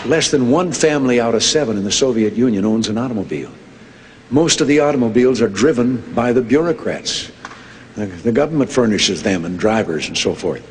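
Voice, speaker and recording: A man's voice: medium pitch, lively intonation, brisk. An older man giving a speech full of folksy anecdotes, told with dry humor. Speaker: public speaker. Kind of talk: joke-filled speech. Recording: long hall reverb, faint noise.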